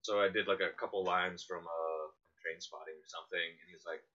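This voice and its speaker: Co-host, male, lower pitch, lively storyteller, dull lo-fi radio sound. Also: fairly quick. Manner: animated storyteller, laughs often. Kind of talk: casual anecdote telling. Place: small one-room apartment.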